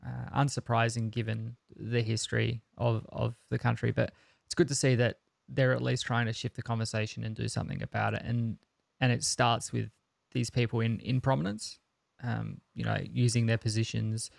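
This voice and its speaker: Gravelly, flat-voiced man co-hosting a podcast. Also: mid-range voice, moderate pace, no room sound, studio quality. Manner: earnest, opinionated, many fillers and restarts. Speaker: podcast co-host. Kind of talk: casual podcast chat.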